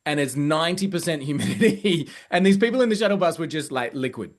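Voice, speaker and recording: An Australian man, a company growth director, telling casual anecdotes in a lively, chatty way with plenty of fillers and restarts. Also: on the high side, fast.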